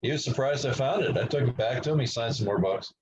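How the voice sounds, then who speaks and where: A man joins a casual podcast chat over a video call, so his audio sounds muffled and dull. He speaks at a mid pitch, relaxed and matter-of-fact as he tells his side of the stories. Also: fast. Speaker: podcast co-host.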